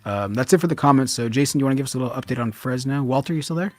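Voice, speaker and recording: A man's voice: mid-range voice, rapid-fire, darkish tone, no echo, faint music behind. A man hosting a casual live stream, chatting loosely and reading viewer comments aloud. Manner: loose and chatty, drops in mild swearing.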